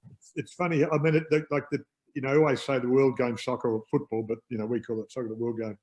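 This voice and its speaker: Australian man, quick upbeat rambling guest on a video call, mid-pitched. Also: flat delivery, a little mellow, low-quality recording. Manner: rambling, upbeat, many fillers. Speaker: guest, former pro footballer. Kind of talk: casual chat on a video call.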